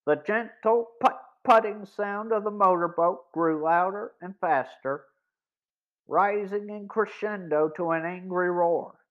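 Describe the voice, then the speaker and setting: A man narrating a boys' mystery audiobook in a measured, deliberate reading. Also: high voice. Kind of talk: scripted story narration. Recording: dull lo-fi recording.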